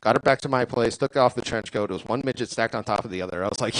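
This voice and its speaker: Deadpan man doing stand-up, dry sound. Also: medium pitch, fast, hardly any pauses, no echo, rough recording. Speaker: stand-up comedian. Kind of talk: stand-up set. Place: comedy club stage.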